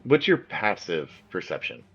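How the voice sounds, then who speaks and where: A man narrates a tabletop game as game master, with a lowish pitch and a bright, forward tone. He describes the action loosely and leans on filler words. The recording sounds dull and lo-fi, with faint music underneath. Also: big pitch swings, moderate pace, slightly rough.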